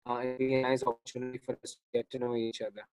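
A male webinar host on a video call speaks to his audience in a mid-pitched voice. The sound is dry and close. He is apologetic and reassuring. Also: completely flat delivery, very fast, darkish tone, smooth, no room sound, low-quality recording. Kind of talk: hosting a live webinar.

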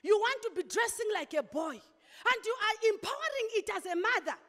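A woman pastor delivering an impassioned sermon, with sudden loud outbursts. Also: very high-pitched, big pitch swings, moderate pace. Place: church hall. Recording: long hall reverb.

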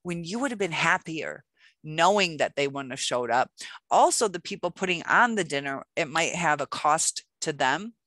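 Woman, self-help video host, casual to-camera talk, low pitch, dry close sound, chatty with many fillers. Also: animated, moderate pace, fairly bright tone, dry recording. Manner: loose and chatty, many fillers, acts out little quoted exchanges.

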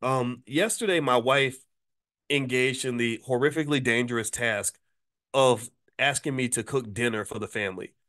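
A middle-aged man hosting his channel, telling a personal story in a casual monologue with animated delivery and frequent stammered restarts. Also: mid-range voice, moderate pace. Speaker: channel host. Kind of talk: casual spoken monologue with anecdote.

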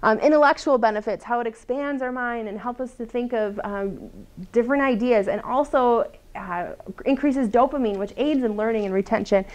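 Woman, 30s, workshop presenter, chatty and lively, fairly high voice, laughs a lot. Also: moderate pace. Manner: chatty, animated, laughs often. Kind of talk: lunch-and-learn talk to a small group.

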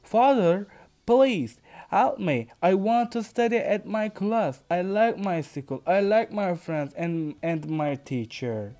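A man with a Turkish accent voicing a young schoolboy who begs his parents tearfully, his pitch lifted above his own. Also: slow, warm tone. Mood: pleading. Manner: pleading, raised pitch.

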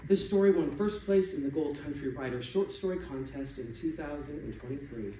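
A man reading stories aloud at a live stage event, expressive and shifting voices for the figures. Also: on the high side, a little fast. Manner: expressive, changes voice for quoted figures. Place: stage venue. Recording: echoey room from a distance, faint noise.

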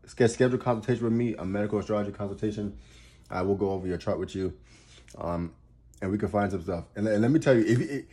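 Man, warm mellow tone, casual astrology monologue, repeats himself, swears to make a point, laughs when worked up. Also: on the low side. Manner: emphatic, repeats and restarts words, swears for emphasis; laughs while getting worked up. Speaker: astrologer giving advice.

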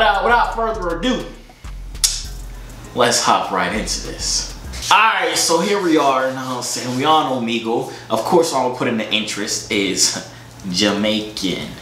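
A man's voice: mid-range voice, a bit bright, slight background noise. A young man vlogging in a joking, boastful way, full of slang, in a room. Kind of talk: comedic vlog chat. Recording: echoey room.

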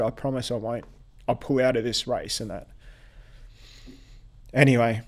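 A man from Australia, a podcast guest telling a personal story in a halting way, often repeating words. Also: mid-range voice.

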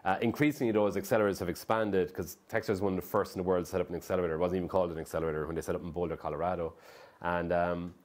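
Deep voiced guy rattling on about startups, quick, lots of restarts. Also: steady tone, a little mellow. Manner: rapid, rambling, many fillers and restarts. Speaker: startup founder, guest speaker. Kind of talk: conversational interview on stage. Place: live event venue.

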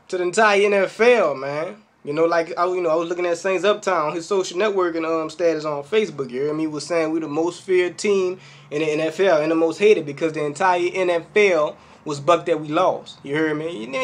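A young man ranting to the camera as a football fan, keeps checking in with his listeners as he talks. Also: on the high side. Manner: animated, keeps asking "you hear me?". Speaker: sports fan vlogger. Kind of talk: casual fan rant to camera.

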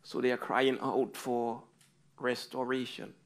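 Man, church pastor, fervent sermon, smooth clear voice, unhurried. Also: medium pitch, little pitch movement. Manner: fervent preaching, repeated pleading cries.

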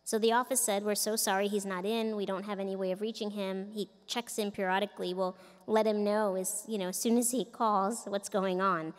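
A woman's voice: mid-range voice, little pitch movement, fairly quick, hardly any pauses. Woman giving an earnest speech in an echoey arena. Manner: earnest, storytelling with quoted voices. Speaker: commencement speaker. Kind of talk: commencement speech. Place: large indoor events arena.

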